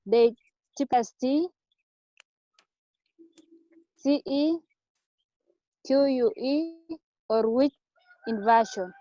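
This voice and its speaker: A woman student reads aloud in class in a high voice, slow and careful. The recording sounds dry and a little dull, lo-fi. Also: warm tone, no echo. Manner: slow, careful reading, hesitant pronunciation.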